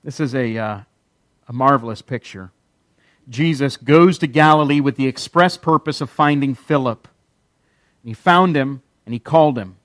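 A man preaching a sermon, emphatic, with repeated phrases and dramatic pauses. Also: fairly high pitch, no room sound. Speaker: pastor.

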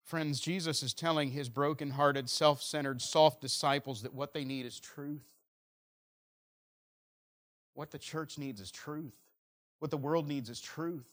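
A man preaching a sermon earnestly, moving between loud emphasis and quiet, slow stresses. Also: fairly high pitch, steady tone. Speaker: pastor.

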